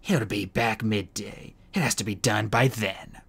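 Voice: mid-range voice, measured pace, vocal fry, breathy edge, heavily acted. An audiobook reader voicing Kestrel, a harsh adult female dragon who snaps her words. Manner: sharp, snapping.

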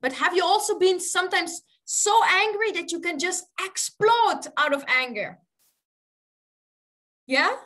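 High-voiced woman telling children a story. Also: measured pace. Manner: animated, laughs often, asks the children questions.

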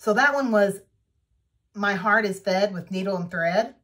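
Woman doing a needlework vlog, slow easy talk, chatty and excited. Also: mid-range voice. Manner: chatty and enthusiastic, unhurried. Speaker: needlework vlogger. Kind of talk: casual show-and-tell chat.

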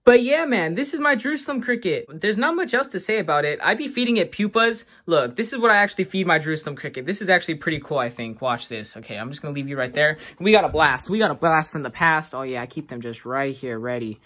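A young man casually showing off his pet bugs, slangy, excitable and self-mocking. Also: on the high side, quick pace, few pauses. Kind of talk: casual vlog chat.

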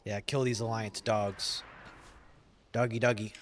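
A man streaming a game live, reacting excitedly with laughter and constant swearing while talking to his chat. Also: on the low side, unhurried, dry recording. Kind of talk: live gameplay commentary.

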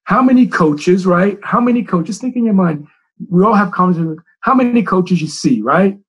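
A man's voice: sits high, animated, moderate pace, husky, poor audio. A middle-aged man who coaches soccer, giving a presentation and telling stories, repeating his key phrases for emphasis.

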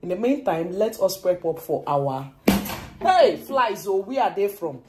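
A Nigerian woman chatting casually to her camera as a family vlogger, talking in a chatty way and growing loud and high when she rants. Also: sing-song, a little slow, background noise. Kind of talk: casual vlog chat.

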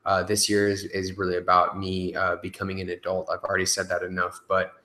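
Here a young man takes questions from stream viewers, talking loosely with plenty of fillers and swearing. He speaks briskly in a monotone, his low-pitched voice landing bright and forceful. Everything reverberates in an echoey, spacious room.

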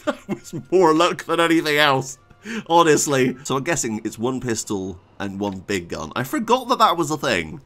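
Let's-play streamer, wild pitch swings, flips from mumbles to shouts, desk mic. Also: a little slow. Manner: excitable, swings from muttering to yelling. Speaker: gaming YouTuber.

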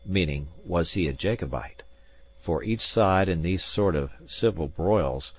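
A man narrating a classic novel as an audiobook in a steady, measured reading. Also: sits low. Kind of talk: scripted narration.

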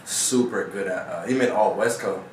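A man's voice: sits low, moderate pace, recorded from a distance, slight background noise. A young man from the Everett area of Washington, a rapper guest chatting casually on a podcast, laid-back, saying "bro" a lot. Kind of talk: casual chat. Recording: echoey room, set back from the mic.

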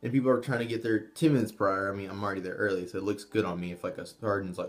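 Young guy, lowish voice, loose and profane, rambling vlog delivery. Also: fairly even intonation, fast talker, few pauses. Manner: rambling and profane, with frequent restarts and asides. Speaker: vlogger, army trainee. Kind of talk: casual tips monologue.

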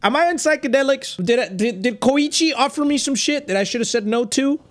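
A man playing a horror game and reacting out loud, swearing often and dropping in Spanish slang as he thinks out loud. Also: extremely high pitch, fairly quick. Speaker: gaming YouTuber.

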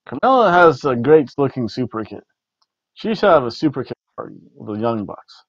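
On the high side, this man's voice comes through a dull, dry, lo-fi recording with no echo. He's a podcast co-host casually reviewing a wrestling event, rambling and repeating words while rating the matches with food jokes.

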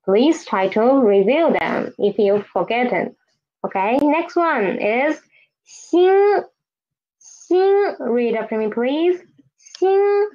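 A woman's voice: on the high side, lo-fi sound. A woman teaching a beginner Chinese lesson, drilling pinyin sounds with patient repetition and inviting the listener to read after her.

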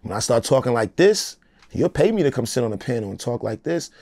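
A man's voice: medium pitch, very animated, a little fast, darkish tone, no room sound. A middle-aged American man, a rapper in an interview, talking in a loose, emphatic, streetwise way. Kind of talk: casual interview talk.

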